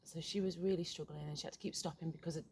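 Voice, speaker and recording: Low gravelly-voiced middle-aged woman vlogging. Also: steady tone, a little mellow. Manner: frank, halting, swears casually. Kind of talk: candid reflective vlog. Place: outdoors in a garden.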